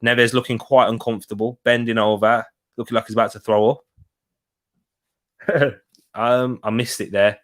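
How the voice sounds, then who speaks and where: A man's voice: medium pitch, fairly even intonation, normal speed, long pauses, a bit bright. A young man hosting a live football watch-along, chatting casually, laughing often and reading out viewer comments.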